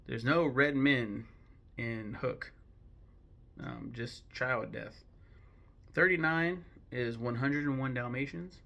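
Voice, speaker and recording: Profane rambling young man with gravelly voice. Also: mid-range voice, slow, pauses often, pushed and bright, dull audio. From United States. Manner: blunt, profane and rambling, with bursts of mock outrage. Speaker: host ranking films. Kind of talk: casual opinion talk.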